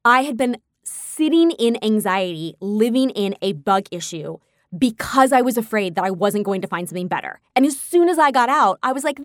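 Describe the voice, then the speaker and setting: A woman talking casually about her own life, candid and animated, often breaking into laughs as she acts out her own past reactions. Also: mid-range voice, a little fast, no echo, clean studio sound. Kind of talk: casual personal storytelling.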